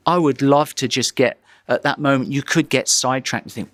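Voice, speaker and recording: A man's voice: medium pitch, a little fast, hardly any pauses, fairly bright tone. A man, a photographer, telling a vivid anecdote in an interview, often restarting his sentences as he goes. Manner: vivid, dramatic storytelling with frequent restarts.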